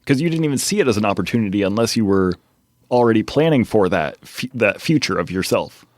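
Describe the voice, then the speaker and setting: A man, a startup founder on a podcast, speaking haltingly in casual interview chat with many fillers. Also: fairly low pitch, expressive, darkish tone, no room sound, clean studio sound.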